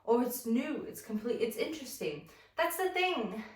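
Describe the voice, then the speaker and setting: A woman's voice: a little high, normal speed. Chatty woman, roomy distant sound. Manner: chatty and rambling, animated when acting out the story. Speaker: fitness instructor. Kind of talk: casual storytelling while guiding a morning stretch.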